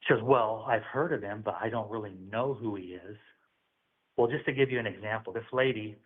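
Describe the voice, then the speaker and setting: A man's voice: lowish voice, fairly quick, husky. A man calling in, telling a religious testimony in an earnest, preachy storytelling manner. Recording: phone-line audio.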